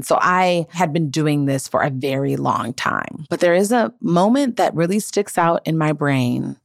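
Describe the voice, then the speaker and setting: A woman's voice: deep voice, vocal fry, no room sound, studio quality. A woman in her thirties hosting a podcast, telling a personal story in an earnest, emotional, reflective way. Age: 30s. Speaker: podcast host.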